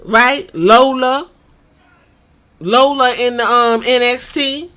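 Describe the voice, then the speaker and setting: A woman's voice: on the high side, slow, pushed and bright. Blunt, sarcastic woman podcast host. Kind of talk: casual opinionated commentary.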